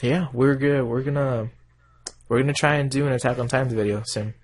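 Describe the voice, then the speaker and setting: A man co-hosting a casual podcast with a friend, talking in a relaxed, teasing way with stumbles and restarts. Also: medium pitch, brisk. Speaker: podcast co-host. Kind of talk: casual chat.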